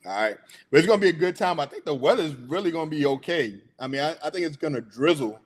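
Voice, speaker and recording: A man's voice: a little high, animated, fast talker, breathy edge. A middle-aged man hosting a casual sports talk show, chatty and hyped, laughing often.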